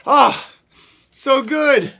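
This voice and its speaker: A man's voice: very high voice, drawn-out words, vocal fry. A man hosting a children's library storytime, playful and upbeat, leading sing-along songs and reading a picture book aloud. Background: his own acoustic guitar.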